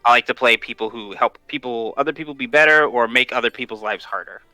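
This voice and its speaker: Man, guest, very bright voice, crisp, dry recording, enthusiastic, stammers. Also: medium pitch, quick pace, no room sound, soft background music, poor audio. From Washington state, USA. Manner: enthusiastic, laughs often, stammering restarts. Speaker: guest, tabletop content creator. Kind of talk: casual interview chat.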